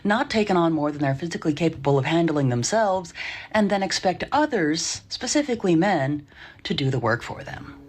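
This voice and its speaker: A woman's voice: fairly low pitch, very animated, fairly quick, husky. A woman narrating scripted commentary in a dry, sarcastic manner.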